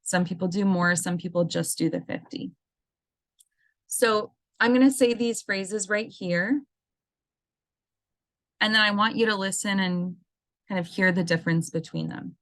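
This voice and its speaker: A woman's voice: medium pitch, measured pace, pauses often, a bit bright, dry recording. A woman presenting an educational webinar, talking casually and explaining things step by step, with frequent ums and restarts, over a computer mic on a video call. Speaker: assistive technology coordinator presenting a seminar.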